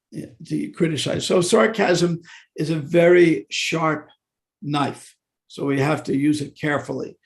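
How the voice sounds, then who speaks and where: An older man with a gravelly, fairly high voice gives a devotional scripture class. He talks genially and haltingly, with fillers and restarts. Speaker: class speaker.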